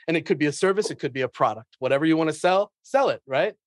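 A man with a slightly higher voice talks shop about selling in a lively, laughing interview manner. He acts out his cold-call openers as he goes, and the recording sounds dry and close. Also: fast talker, dry recording. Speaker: sales podcast host and guest. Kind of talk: conversational interview.

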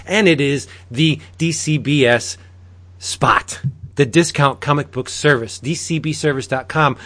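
A man's voice: medium pitch, a bit bright. A man co-hosting a comics podcast in casual, joking banter, laughing often. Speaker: podcast co-host.

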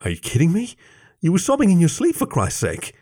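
A man's voice: lowish voice, lively intonation, brisk, darkish tone. A man reading aloud, voicing a strong young male cat who is protective and worried, speaking with urgency. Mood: exasperated.

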